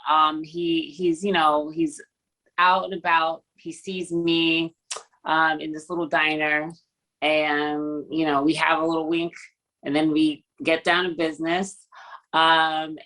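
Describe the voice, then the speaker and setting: A woman's voice: low voice, fairly bright tone, poor audio. A young adult woman, an actress guest, chatting casually on a video call, talking with lots of fillers and easy laughs. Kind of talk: casual interview chat.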